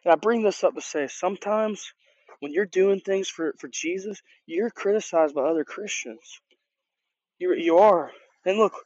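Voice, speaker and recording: A man's voice: high voice, darkish tone, no room sound. A man who leads a youth group, giving a casual sermon in an earnest, conversational way, often restarting and repeating words. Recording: dull, dry lo-fi recording.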